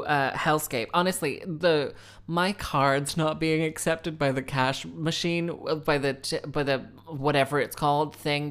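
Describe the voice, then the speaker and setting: Chatty low-voiced young woman. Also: clear, resonant tone. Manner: rambling, chatty, sarcastic, acts out voices. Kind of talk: casual storytelling monologue.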